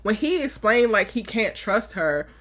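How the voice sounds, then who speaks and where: A woman's voice: medium pitch, very animated, a little slow, a bit bright. A woman hosting a live TV recap show, talking bluntly and emphatically, cursing and acting out her reactions. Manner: blunt, emphatic, swears, acts out what she said. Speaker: host. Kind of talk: live aftershow recap chat.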